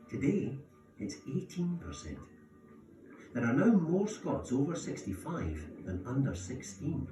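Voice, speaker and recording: A man narrating a documentary in a measured, scripted way. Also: medium pitch. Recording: roomy sound, distant from mic, music bed.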